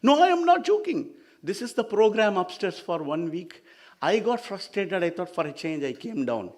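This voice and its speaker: A man voicing a cheeky, mischievous male divine sage who is telling a story in a high, lively voice. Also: moderate pace. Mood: insistent. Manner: lively, exclaiming, teasing.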